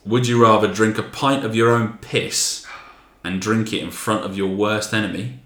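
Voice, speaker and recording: Podcast host, male, lowish voice, teasing and laid-back, echoey room. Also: moderate pace. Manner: teasing, relaxed, swears casually. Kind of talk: casual chat.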